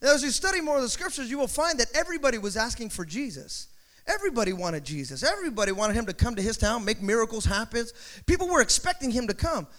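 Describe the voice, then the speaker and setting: Male preacher, very high and bright voice, emphatic and direct with the congregation, in a church service. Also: big pitch swings, fast talker. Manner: direct, emphatic address to listeners, repeating phrases. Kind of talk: evening sermon to a congregation.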